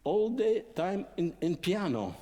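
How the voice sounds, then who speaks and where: In a violin masterclass, a man with a high-pitched voice and big pitch swings sings musical phrases in syllables. He explains tempo and dynamics in halting speech full of fillers. Loud music plays behind him, and the recording has long hall reverb.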